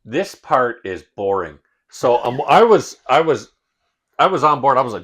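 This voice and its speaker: A man's voice: medium pitch, normal speed. A man co-hosting a podcast in casual chat, telling the story with lots of swearing and acted-out bits. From Canada. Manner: animated, swears a lot, acts out scenes. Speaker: podcast co-host.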